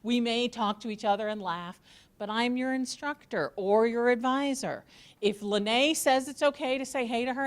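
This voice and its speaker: A woman college instructor giving an orientation talk to students, joking and sarcastic as she goes. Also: mid-range voice.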